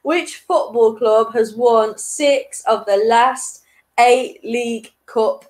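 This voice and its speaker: A woman's voice: fairly high pitch, steady tone, slow pace, darkish tone, rough recording. A woman in her late twenties hosting an online quiz, chatty and self-deprecating, often breaking into giggles. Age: 20s. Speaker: quiz host.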